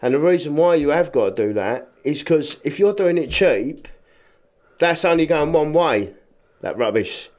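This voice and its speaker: A man, a rubbish clearance business owner chatting as a podcast guest, telling stories and acting out what people said. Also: on the high side, animated, moderate pace, a little mellow. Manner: plain, informal speech. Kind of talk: casual podcast chat.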